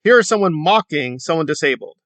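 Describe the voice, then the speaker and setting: Bright-voiced man rambling in commentary. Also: fairly high pitch, lively intonation, a little fast, dry recording. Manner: rambling, hesitant, with frequent fillers. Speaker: commentary YouTuber. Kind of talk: casual commentary.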